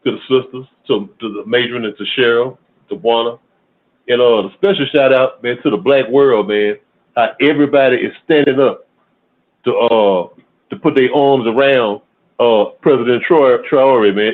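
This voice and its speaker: A man's voice: mid-range voice, moderate pace. A man calling in to a casual chat who talks in a laid-back way and often ends his phrases with "man". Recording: tinny phone line.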